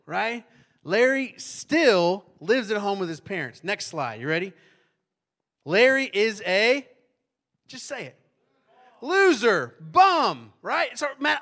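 A man's voice: high-pitched, a bit bright. A man preaching a sermon to a congregation, in a conversational way, often asking the audience questions and adding "right?". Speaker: pastor.

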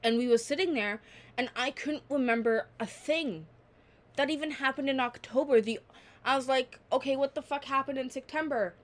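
A woman's voice: high-pitched, moderate pace. A nineteen-year-old woman hosting her own podcast, chatting alone in a rambling, candid way and swearing freely. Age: late teens. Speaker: podcast host. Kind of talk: casual solo podcast chat.

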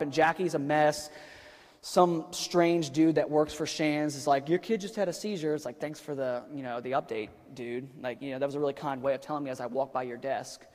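Male pastor, 30s, conversational sermon, slightly high voice, long hall reverb. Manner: conversational, rhetorical questions, frequent fillers. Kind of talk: sermon with personal story.

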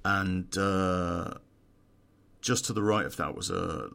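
A man's voice: sits low, fairly even intonation, takes it slowly, gravelly, sharp tone. A man, telling a true-crime story in a casual, profane way and laughing at his own story.

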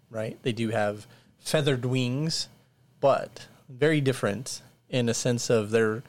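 Slow, gravelly-voiced man running a game. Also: mid-range voice. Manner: halting, many fillers and restarts while describing. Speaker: dungeon master. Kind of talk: narrating a tabletop game.

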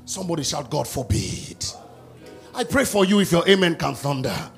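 A middle-aged man preaching a sermon at a church service, acting out quotes and shouting at his peaks. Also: fairly high pitch, animated, fast, vocal fry, faint music behind. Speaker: pastor.

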